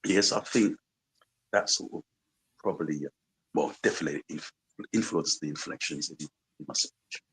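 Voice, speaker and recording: Deep-voiced London man, gravelly, husky, slight American twang, reflective radio guest. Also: normal speed, pauses often, fairly bright tone, rough recording. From London, England. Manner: reflective, rambling, full of "you know" and "like". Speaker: musician guest. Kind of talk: casual radio interview chat.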